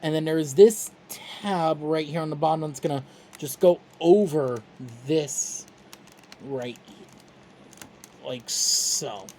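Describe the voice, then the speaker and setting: A toy reviewer talking through a step-by-step tutorial in a relaxed, chatty, self-deprecating way. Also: mid-range voice, slow pace, slight background noise.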